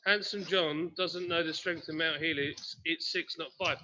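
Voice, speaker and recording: Jokey brewery host on a live stream, bright and lively, dull lo-fi sound. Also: male voice, on the high side, normal speed. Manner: jokey, animated, reads comments aloud. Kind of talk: casual live-stream chat.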